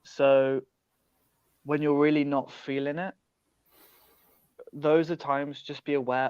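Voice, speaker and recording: A British man, a podcast guest, talking in a lively, animated way over a remote call. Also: a little high, slow pace, pauses often, smooth, no echo. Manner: animated, acts out learners' inner voices. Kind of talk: casual chat. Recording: dull lo-fi call audio.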